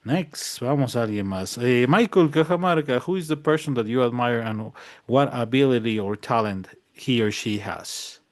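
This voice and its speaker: Man teaching English slowly. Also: mid-range voice. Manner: slow drilled example sentences, repeats in Spanish. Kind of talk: online bilingual lesson.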